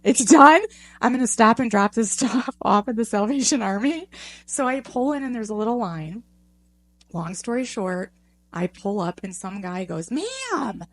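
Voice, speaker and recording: A middle-aged woman co-hosting a podcast in casual chat, telling a story with lively voices for the people in it. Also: normal speed. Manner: animated storytelling, acts out voices with big pitch swings. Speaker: podcast co-host.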